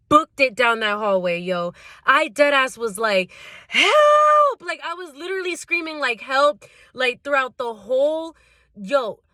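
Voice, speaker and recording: Young woman vlogger, kinda high voice, super casual slang, lots of likes, dry sound. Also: pushed and bright, no room sound. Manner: casual, slangy, with many fillers. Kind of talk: storytime vlog.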